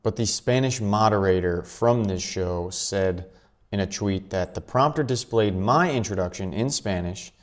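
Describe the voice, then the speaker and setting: A man hosting his own commentary vlog, talking quickly and offhandedly with chuckling asides. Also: on the low side. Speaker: channel host.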